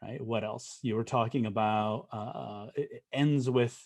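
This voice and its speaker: A man's voice: medium pitch, a little slow, creaky, a little mellow. A man hosting a podcast interview, talking conversationally and recapping points with tag questions. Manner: conversational, recaps points, frequent fillers and "right?". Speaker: podcast host.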